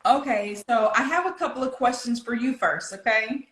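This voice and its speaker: An American woman with an American accent, a pronunciation coach calmly asking questions in an interview. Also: a little high, normal speed. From United States. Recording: echoey room.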